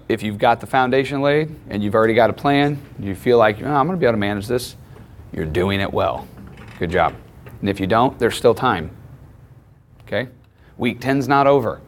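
A man's voice: lowish voice, slight background noise. A man teaching a class, lecturing in a conversational way and often checking in with questions.

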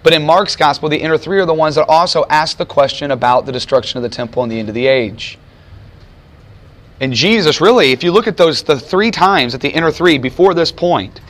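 A man preaching a sermon, teaching a Bible passage with emphatic rhetorical questions and deliberate slowing for emphasis. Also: fairly high pitch, fairly bright tone.

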